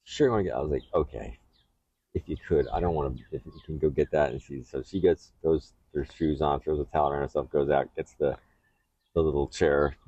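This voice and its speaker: A man's voice: a bass voice, steady tone, brisk, dark tone, breathy edge, no room sound, highs cut off. A man co-hosting a podcast, telling a candid, rambling and crude story in casual chat. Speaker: podcast co-host.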